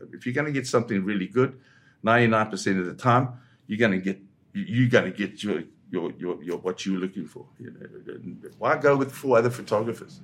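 A man with a fairly low voice tells a tense story from his past in an interview, vividly and dramatically. He sometimes slips into voicing the people in the story. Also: a bit bright. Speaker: photojournalist guest. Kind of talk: dramatic first-person storytelling.

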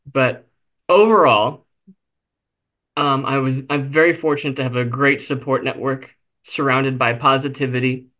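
A man with a bright, forward voice recounts a personal story in an interview. He talks candidly, laughs at himself now and then, and leans on little fillers as he goes. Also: medium pitch, steady tone, normal speed. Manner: candid, self-deprecating, with many fillers. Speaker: interview guest.

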